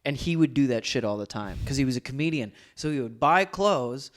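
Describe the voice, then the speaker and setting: A man's voice: medium pitch, animated, fairly quick. A young man hosting a casual podcast, telling stories in a loose, joking way with frequent ums and uhs. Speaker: podcast host.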